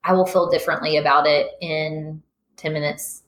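A woman's voice: low voice, level tone, moderate pace, fairly bright tone. A woman guest in a casual interview, earnest and thoughtful, with many fillers. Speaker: guest, business owner. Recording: echoey room.

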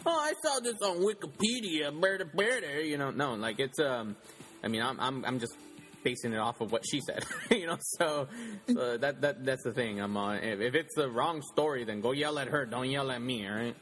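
A man's voice: medium pitch, normal speed, a bit bright, faint music behind. A man co-hosting a podcast, chatting loosely and teasing his co-host. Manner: chatty, joking, talks over his co-host. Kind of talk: casual podcast chat.

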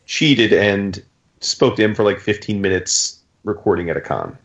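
A man co-hosting a comics podcast with dry, deadpan quips. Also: lowish voice, normal speed. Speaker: podcast co-host. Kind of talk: casual chat. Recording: dull lo-fi sound.

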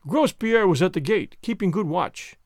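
A man's voice: high-pitched, expressive, normal speed, no room sound. A pompous, scornful gate sergeant, put on by a male narrator, boasting with a voice that swings widely up and down. The delivery is puffed-up and mocking, recorded dry and close with no room sound. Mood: boastful. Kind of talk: audiobook character voice.

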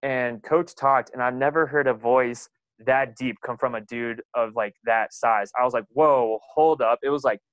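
A man's voice: mid-range voice, steady tone, normal speed, a bit bright, no room sound, low-quality recording. A young man, a runner, telling rambling stories about his coach with lots of fillers and laughs. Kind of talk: casual storytelling.

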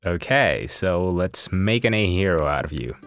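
A man's voice: sits low, very animated, normal speed. A man co-hosting a language podcast as the teacher, patiently explaining grammar with examples. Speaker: Spanish teacher and podcast co-host.

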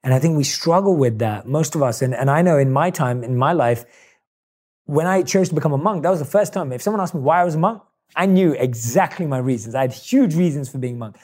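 A man's voice: a little high, expressive, quick pace, darkish tone. A man hosting a podcast interview, affirming his guest's points and asking reflective questions. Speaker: podcast host. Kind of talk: interview conversation.

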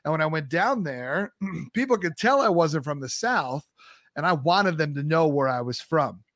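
A man with a New York accent and a slightly high voice hosts a casual chat, wry and quick to poke fun at himself. The recording is dry, with little room sound. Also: expressive, a bit bright, no room sound. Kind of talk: casual conversation.

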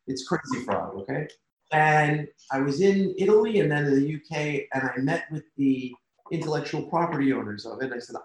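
A man in an interview who tells business stories in an animated way, repeating himself and laughing easily. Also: a little high, fairly quick. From United States. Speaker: toy company executive. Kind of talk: conversational interview. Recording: echoey room.

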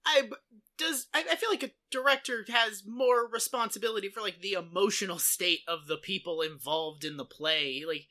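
Bright-voiced woman co-hosting a chat podcast. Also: medium pitch, moderate pace. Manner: casual, swearing, asks guest questions. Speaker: podcast co-host. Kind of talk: casual chat.

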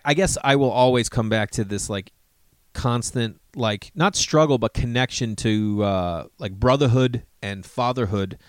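A man's voice: mid-range voice, no room sound. An American comedian in his forties tells a rambling personal story, swearing freely and acting out bits of quoted dialogue. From United States.

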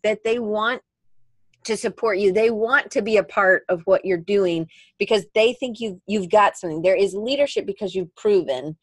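A woman's voice: mid-range voice, no echo. A woman co-hosting a podcast in casual chat, rambling and correcting herself as she goes. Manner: rambling, self-correcting, chatty. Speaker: podcast co-host.

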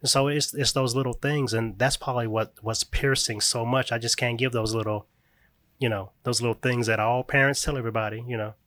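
A man's voice: medium pitch, steady tone, a little fast, fairly bright tone. A man who is raising his grieving grandchild speaks earnestly and reflectively in an interview. He often checks in with a "right?" as he talks. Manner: reflective, emphatic, frequent "right?" check-ins.

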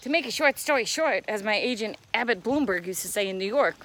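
A woman co-hosting a casual talk, telling a story with lively, laughing delivery while out on a walk. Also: mid-range voice, a little fast, slight background noise. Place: outdoors on a walk.

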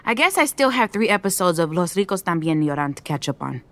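A woman's voice: fairly low pitch, very animated, fast, fairly bright tone, no room sound. A young woman playing a bossy, scheming young woman bent on revenge, with dry sarcastic delivery in a comedic parody. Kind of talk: comedic telenovela parody acting.

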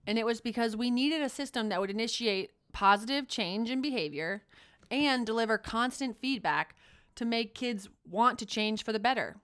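Woman teacher on a podcast, heartfelt storytelling, kinda high voice. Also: animated, moderate pace, a bit bright. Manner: earnest, storytelling, emotional. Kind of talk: casual podcast chat.

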